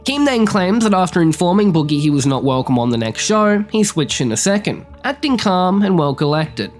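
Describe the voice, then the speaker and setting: A man narrating a video retrospective from a script in a brisk, matter-of-fact way. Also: sits high, big pitch swings, faint music behind.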